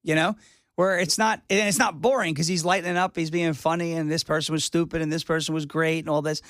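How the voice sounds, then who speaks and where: A man appearing as a guest on a talk radio show, speaking in a rambling, excitable way about his comedy work. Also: on the high side, fast talker, no room sound, clean studio sound. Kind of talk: casual interview chat.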